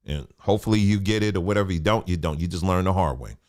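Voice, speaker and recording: A man's voice: sits low, animated, fast talker, a little mellow. Emphatic man preaching informally. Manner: emphatic, repeats for emphasis, colloquial. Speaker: teacher.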